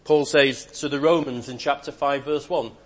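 A man delivers a sermon, swinging from loud, emphatic declarations to quiet, hushed asides. His voice is medium in pitch, fairly even in intonation, and moderately paced.

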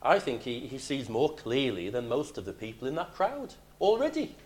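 A man preaching a sermon, emphatic, moving between loud declarations and hushed lines. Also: medium pitch, sing-song, moderate pace, husky.

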